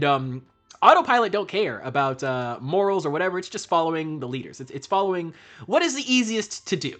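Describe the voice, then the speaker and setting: A man's voice: high-pitched, pushed and bright. A man giving casual gameplay commentary as a streamer, rambling and profane with self-help musings. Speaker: streamer playing an online role-playing game.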